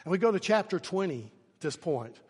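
A man preaching a sermon as pastor, swinging from hushed, slow phrases to shouting for emphasis. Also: high voice, expressive, husky. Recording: long hall reverb.

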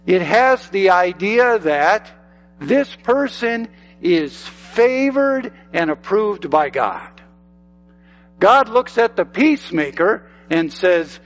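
Older guy preaching slow n emphatic, highish voice, bit dull sound, faint music behind. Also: lively intonation. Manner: emphatic, repeats phrases for effect. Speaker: pastor. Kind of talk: sermon.

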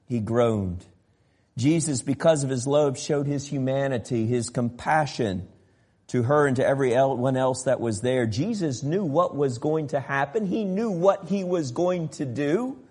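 A man preaching a sermon, swinging from loud emphatic passages to quiet soft ones and acting out the voices of Bible figures. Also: mid-range voice, slightly rough. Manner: acts out biblical voices in an exaggerated tone. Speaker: pastor.

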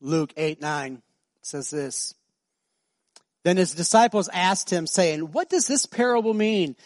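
A male pastor preaching a sermon, swinging between soft, slow passages and loud, emphatic high-pitched stretches. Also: expressive, no echo, studio quality.

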